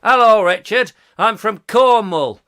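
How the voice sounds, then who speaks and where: A gruff northern bloke, put on by a man, who puffs himself up and blusters loudly with mock threats. He pitches his voice up, and his tone is bright and forceful. The bragging stays touchy and boastful throughout. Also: measured pace. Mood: blustering.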